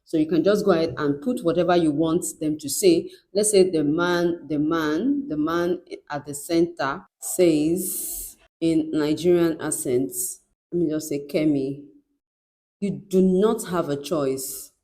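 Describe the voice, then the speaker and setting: A woman's voice: low voice, unhurried, warm tone. A woman giving a step-by-step screen tutorial in an instructive way, often checking in with "right?". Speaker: tutorial presenter.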